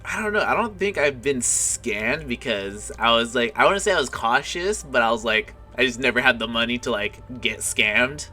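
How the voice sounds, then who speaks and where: Bright-voiced young man chatting casually. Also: medium pitch, lively intonation, moderate pace. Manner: hesitant, swearing, many fillers. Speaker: podcast co-host. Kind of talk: casual chat. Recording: music behind the talk.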